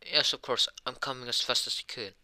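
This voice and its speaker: A man's voice: medium pitch, fairly even intonation, fairly quick, sharp tone, dry recording, pitched above the performer's own voice. A man voicing a caring mother sorceress, talking soothingly in close to his own voice. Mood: reassuring.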